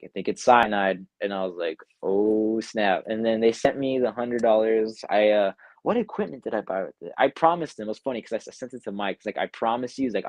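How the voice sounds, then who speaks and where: A man's voice: on the low side, no room sound. A young man, a music producer, casually telling a story in an online interview and acting out what others said, with lots of "like". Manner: animated retelling, acts out quotes, says "like" often. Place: home, online live interview. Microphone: video call.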